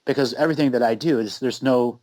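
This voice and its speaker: A man in a middle register hosts an unhurried conversation, leaning hard on his points and insisting on them. The sound is dry and close, with no room around it. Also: medium pitch, a little mellow, no echo, rough recording. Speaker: host. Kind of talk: casual conversation.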